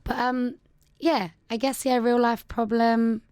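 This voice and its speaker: A woman's voice: a little high, flat delivery, a little slow, a little mellow, clean tone, dry recording. A thirty-year-old woman from the UK, a guest in a radio studio. She speaks candidly and hesitantly, with plenty of "um" and "like". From United Kingdom. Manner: candid, hesitant, many fillers like "um" and "like". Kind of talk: radio interview. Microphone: studio microphone.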